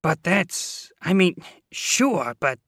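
A man voicing a brassy older landlady with a raspy voice, loud and blustering like an old gangster, in a storybook reading. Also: sits high, very animated, slow, dry recording, studio quality, pitched above the performer's own voice, exaggerated voice. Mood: flustered.

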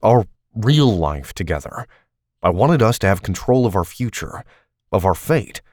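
A man's voice: lowish voice, big pitch swings, a little slow, darkish tone, dry recording, studio quality. A male narrator voicing a tired, defensive ex-agent who snaps back when pressed. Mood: heated, defensive. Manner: snappish and defensive. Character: tired, defensive man, snapping ex-field agent.

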